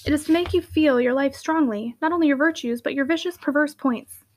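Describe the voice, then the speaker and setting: Caroline is an earnest young woman who teases gently and speaks with feeling. A woman reads her in a fairly high, light voice. She sounds close to the narrator's own reading voice. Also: a little fast, close to an everyday voice.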